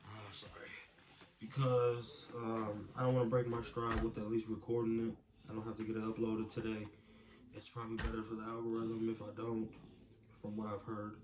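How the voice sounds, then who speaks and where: Young dad vlogger, worn out and rambling, lowish voice, noisy home recording. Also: male voice, monotone, normal speed. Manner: rambling, soft-spoken, talks to his toddler in between. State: exhausted, tired. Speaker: video diary host. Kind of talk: casual video diary. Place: home at night.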